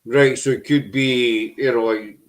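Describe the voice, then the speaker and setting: A man's voice: medium pitch, steady tone, a little slow. A man hosting a casual paranormal chat show over a video call, with joking banter. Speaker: podcast host.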